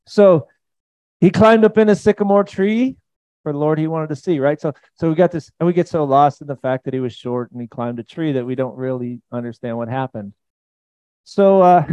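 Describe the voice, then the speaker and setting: An animated man preaching a sermon, a pastor who swings from quiet asides to sudden loud peaks. His voice is mellow and dark, recorded dry and slightly dull. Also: mid-range voice, no room sound.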